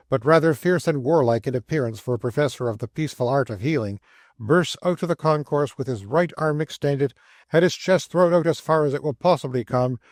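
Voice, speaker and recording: A man's voice: fairly high pitch, darkish tone, no room sound, clean studio sound. Man narrating a classic travelogue. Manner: measured, descriptive storytelling. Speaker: audiobook narrator. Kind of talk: scripted audiobook narration.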